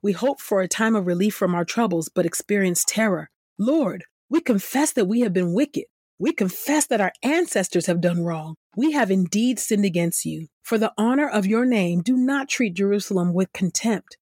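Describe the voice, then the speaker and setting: Female scripture reader, husky mid-pitch voice, earnest, close dry studio sound. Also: normal speed, few pauses, darkish tone, no echo.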